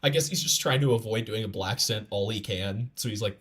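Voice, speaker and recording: Guy streaming a reaction, lowish voice, rambly, keeps saying like, stutters restarts, swears a lot. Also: brisk, fairly bright tone. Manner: rambling, filler-heavy, stammered restarts; blunt and profane. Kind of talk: casual live reaction commentary.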